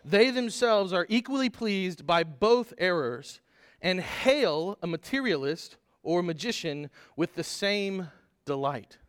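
A man preaching a Sunday sermon, animated and conversational, putting rhetorical questions to the congregation. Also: sits high, takes it slowly, smooth, no room sound, studio quality. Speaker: pastor.

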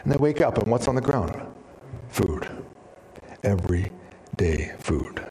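A man preaching a sermon as pastor, animated and storytelling, with sudden drops to a hushed voice. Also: lowish voice, slow pace, slight background noise. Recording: reverberant hall.

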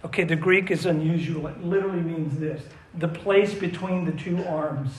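A man's voice: on the high side, fairly even intonation, normal speed. A man preaching a sermon in a conversational, storytelling manner that turns into earnest prayer. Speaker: pastor. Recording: echoey room, faint ambience.

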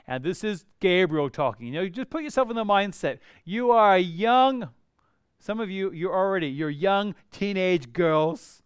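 A man preaching a sermon as a pastor, animated and conversational, with personal asides. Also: sits high, moderate pace, smooth, no echo, studio quality.

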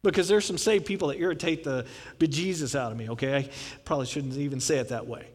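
A man's voice: fairly high pitch, quick pace, slightly rough, long reverb tail. A male pastor preaching a sermon, dramatically acting out the scripture he quotes.

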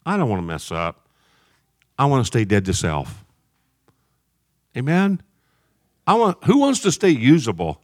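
A man preaching a sermon in an animated way, jumping between loud shouts and quiet asides. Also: mid-range voice, unhurried, pauses often, dry recording, studio quality.

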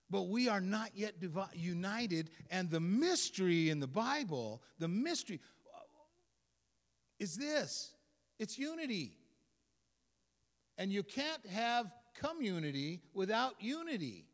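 A man preaching in a church sanctuary, his voice sitting a bit high and swinging lively up and down. He talks to the congregation in a chatty, animated way, with a long reverb trailing behind him. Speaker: guest pastor. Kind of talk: sermon.

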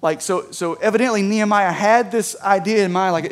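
A man with a high voice preaching a sermon in a relaxed, conversational way. He reads passages aloud and then unpacks them plainly, often pausing to ask his listeners "right?" or "okay?". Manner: conversational preaching with frequent rhetorical "right?" checks; reads scripture aloud, then explains it casually. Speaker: pastor.

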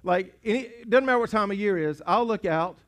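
Man, pastor, high voice, sermon in a church, hushed to shouting, repeats phrases. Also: fast. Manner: preaching in swells from hushed to shouting, repeats words. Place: church sanctuary. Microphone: pulpit mic.

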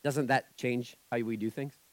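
A male pastor delivers a sermon in a loose, conversational way, slipping into quoted voices as he goes. His voice sits in a middle pitch. It is recorded close and dry, with no room echo. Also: fairly even intonation, normal speed.

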